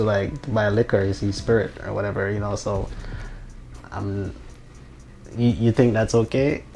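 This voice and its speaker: A man's voice: fairly low pitch, a little mellow. A man in a casual, rambling monologue who swears, restarts often and drops incredulous asides. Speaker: vlogger.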